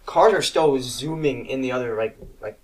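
This podcast co-host, a young man, has a mid-range voice with a darkish tone and talks at normal speed. He wanders through anecdotes in relaxed conversation, cursing often and performing other people's lines. It's a rough recording made from a distance.

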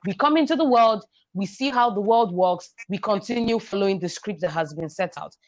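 A woman educator explaining her ideas in a measured, emphatic way on a podcast. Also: medium pitch, no room sound. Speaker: guest, sexual and reproductive health educator. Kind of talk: podcast conversation.

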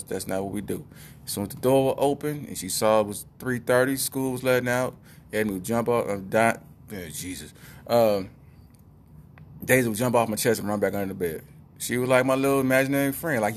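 A man's voice: lowish voice, slight background noise. A middle-aged man telling a comic personal story in a rambling, conversational way with lots of asides.

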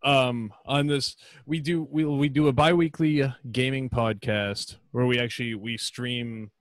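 An American man talking casually as a podcast guest, his voice sitting at a middle pitch. He laughs often and rambles, restarting his sentences. The sound is dry and close, with no room echo. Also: steady tone, a little slow. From United States. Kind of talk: casual chat.

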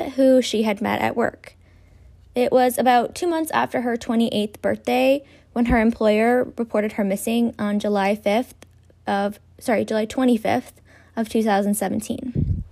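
A woman's voice: a little high, darkish tone. A young woman hosting a true-crime podcast, talking casually with swearing and self-deprecating asides. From Ontario, Canada. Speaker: podcast host.

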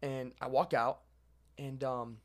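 A young man casually telling a long story to a friend, animated and swearing as he goes. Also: medium pitch, takes it slowly. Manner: animated, swearing, lively retelling.

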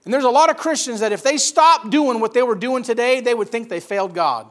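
A man preaching a sermon, swinging from loud emphatic bursts to quiet storytelling. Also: extremely high pitch, fairly quick. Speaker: pastor.

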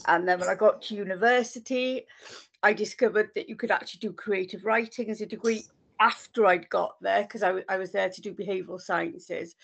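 A woman's voice: medium pitch, steady tone, fairly quick, vocal fry. A woman with a Welsh accent, chatting casually as an author guest on a podcast in a self-deprecating way. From Wales. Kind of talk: casual interview chat.

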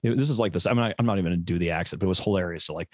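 Low, dry-voiced rambling man. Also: racing, no room sound. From USA. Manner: profane, rambling, many stammered repeats. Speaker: podcast co-host. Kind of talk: casual chat.

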